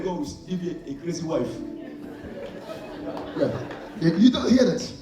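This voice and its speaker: A high-voiced man preaches a call-and-response sermon, asking the crowd to fill in words. His voice swings from loud to soft as he acts out little scenes. He is heard from a distance in a very echoey hall, with faint music behind. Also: big pitch swings, measured pace, pauses often. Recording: echoey hall, far from the mic.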